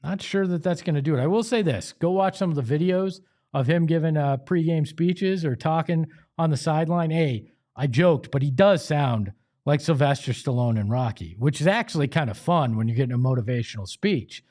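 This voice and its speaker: Hosting a sports talk show, a man from an Italian-American family delivers an emphatic, opinionated monologue with pleading asides. His voice is on the high side and a little mellow, at a moderate pace.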